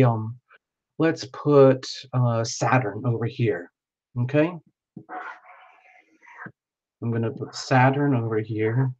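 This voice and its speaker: Playful guy narrating his painting to chat live, real slow talker. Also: mid-range voice, mellow. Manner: playful, talks to viewers, frequent exclamations. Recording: dull lo-fi sound.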